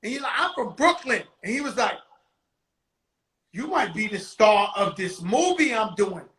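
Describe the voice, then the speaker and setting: A man's voice: high voice, sing-song, a little slow, a bit bright. A man hosting a casual interview, talking in a loose, emphatic way that repeats words. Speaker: host, rapper.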